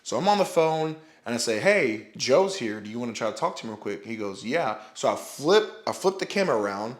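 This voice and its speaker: A man's voice: mid-range voice, big pitch swings, fairly quick. A young man telling a personal story to the camera, rambling with many restarts and "like" and swearing now and then. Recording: roomy echo.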